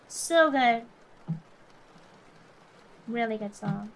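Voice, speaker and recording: A young woman streaming late at night, chatting casually with viewers, tired but giggly and animated. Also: a little high, normal speed, slight background noise. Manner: giggly, animated, often laughs.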